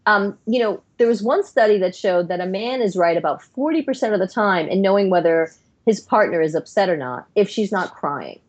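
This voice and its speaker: A middle-aged woman guests on a podcast interview as a psychiatrist, earnest and explanatory, her thoughts unspooling in long connected runs. She talks fairly quickly with lively intonation at an ordinary middle pitch, and the audio is slightly dull and lo-fi.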